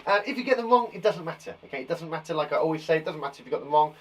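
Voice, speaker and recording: A man teaching young children a live phonics lesson, encouraging them warmly and sounding out letters slowly. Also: a little high, expressive, slight background noise, low-quality recording. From England. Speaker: primary school teacher.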